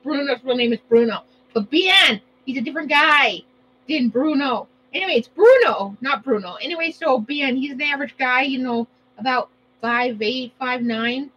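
A woman's voice: high-pitched, moderate pace, sharp tone, lo-fi sound, slight background noise. A woman chatting casually while cooking, rambling and playful, often correcting herself. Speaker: vlogger.

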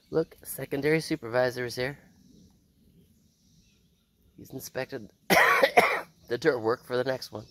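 A woman vlogging outdoors in her backyard garden. She rambles in a casual, unhurried way, sounds a little out of breath, and feels unwell. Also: extremely low pitch, slight background noise. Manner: rambling, unhurried, with repeated sign-offs. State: feeling unwell. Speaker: homestead vlogger. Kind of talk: casual chat.

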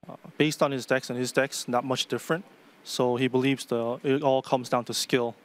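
A man interpreting a post-match interview, brisk and matter-of-fact. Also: medium pitch, steady tone.

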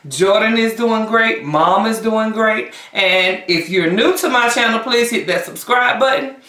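A woman's voice: a little high, measured pace, pushed and bright, far from the mic. A woman hosting a casual eating-show vlog, chatting directly to her viewers. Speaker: mukbang vlogger. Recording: echoey room, voice away from the mic.

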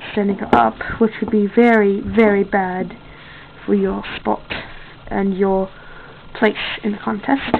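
A woman's voice: fairly high pitch, narrow, tinny audio, a little hiss or hum. A female contest host in a casual home video, rambling and correcting herself often. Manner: rambling, with many fillers and self-corrections.

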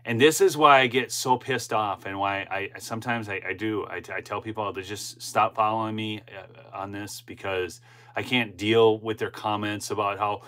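A man's voice: fairly low pitch, steady tone, normal speed, bright, forceful tone. A middle-aged man hosting a political commentary channel, reading news aloud and breaking into impassioned asides with frequent restarts.

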